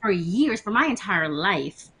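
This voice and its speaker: A woman speaking on a panel discussion with a bright, forceful tone. She talks in an animated way, laughing easily and playing out the voices of people in her story. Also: mid-range voice, unhurried, breathy edge, rough recording. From Latina. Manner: animated, laughing, acting out quotes.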